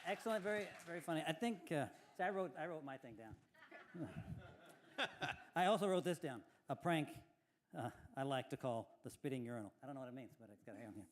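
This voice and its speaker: A man gives feedback on a speech in a fairly high voice. He rambles, restarting his sentences as he works through his points. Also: expressive, a little fast, a little hiss or hum. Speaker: workshop evaluator. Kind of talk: spoken feedback.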